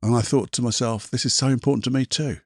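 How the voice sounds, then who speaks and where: Husky, passionate male podcast host. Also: mid-range voice, steady tone, fast talker, no echo, studio quality. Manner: passionate, swears, repeats himself. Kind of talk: casual motivational monologue.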